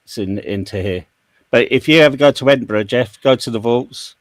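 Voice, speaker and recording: A man in a laid-back group voice chat spins rambling stories, often stopping to correct himself. His voice is medium-pitched and a little fast, with no echo.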